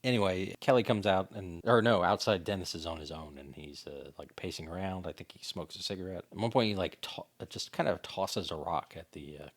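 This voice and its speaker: A man's voice: sits low, a little fast, hardly any pauses. A man co-hosting a podcast, casually recapping a movie in a rambling, self-correcting way. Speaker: podcast co-host.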